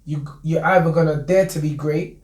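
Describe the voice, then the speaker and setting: A man's voice: a little high, fairly even intonation, moderate pace, darkish tone. A man who works as a boxing trainer and manager, speaking as an interview guest and telling stories in an emphatic, repetitive, boastful way. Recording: echoey room.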